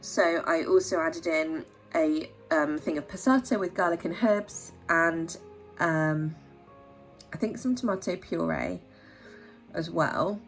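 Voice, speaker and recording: A woman's voice: slow, faint music behind. A woman with a sore throat, chatting casually in a vlog with many ums and asides. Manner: talks in high baby-talk to her pet bird. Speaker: vlogger.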